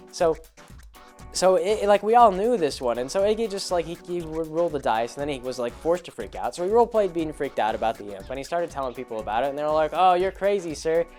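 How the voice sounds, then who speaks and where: A man's voice: fairly high pitch, expressive, brisk, darkish tone, soft background music. A man hosting a show, rambling through an anecdote about a tabletop game and repeating words as he goes. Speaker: host.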